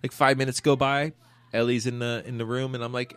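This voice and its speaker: A man's voice: mid-range voice, quick pace, dry recording, soft background music. A man in his thirties co-hosting a podcast, chatting casually and laughing as he tells stories. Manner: laughing, animated storytelling. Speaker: podcast co-host. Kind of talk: casual chat.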